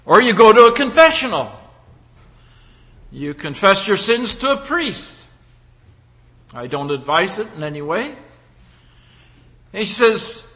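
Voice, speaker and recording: A man preaching a sermon, building his points through deliberate rhetorical questions. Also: high-pitched, very animated, pushed and bright, in a large hall.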